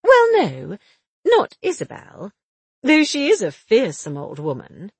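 A quick-witted young woman amateur sleuth, voiced by a woman reader talks in a chatty, teasing way, her pitch swinging widely and running a bit high. The voice is soft and breathy and close to the mic with a dry sound. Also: wildly swooping pitch, no room sound, exaggerated voice. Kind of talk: audiobook dialogue reading.

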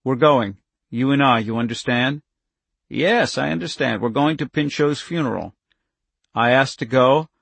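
A man voicing an older male government chief who answers in a flat, obedient way and turns whiny under pressure. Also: mid-range voice, unhurried, gravelly, slightly rough, no echo, heavily acted. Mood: dazed.

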